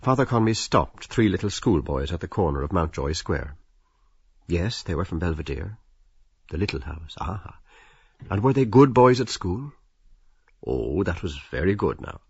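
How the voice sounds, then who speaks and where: A man narrating a novel as an audiobook, expressive and slipping into the characters' inner voices. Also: sits low, normal speed, husky, no echo, muffled recording.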